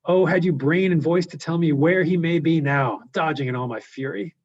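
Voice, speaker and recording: A man's voice: a little high, normal speed, pitched above the performer's own voice. Male reader putting on a raised, brooding Cyclops voice, a furious blind giant, lo-fi. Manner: loud, brooding and menacing. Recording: dull lo-fi recording.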